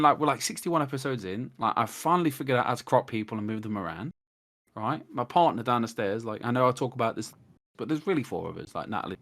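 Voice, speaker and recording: An English man of average pitch talks on a podcast, piling story onto story with excited restarts. He swears freely and laughs at himself. His voice comes through a cheap microphone over a video call. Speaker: podcast guest. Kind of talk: casual chat. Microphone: cheap desktop mic on a video call.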